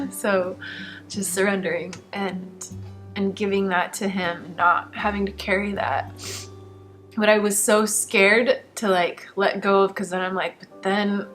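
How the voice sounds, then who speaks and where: A middle-aged woman earnestly telling her personal faith testimony, emotional at times and laughing softly between thoughts. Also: medium pitch. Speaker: guest sharing a faith testimony. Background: background music.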